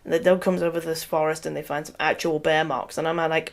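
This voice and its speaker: Gravelly, low-voiced woman ranting sarcastically. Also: little pitch movement, a little fast, hardly any pauses. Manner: rambling and sarcastic, often laughing. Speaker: video reviewer. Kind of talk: casual rant review.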